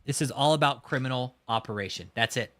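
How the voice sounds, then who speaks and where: A man's voice: mid-range voice, quick pace, pushed and bright. Profane, mocking livestream host man. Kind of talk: casual livestream commentary.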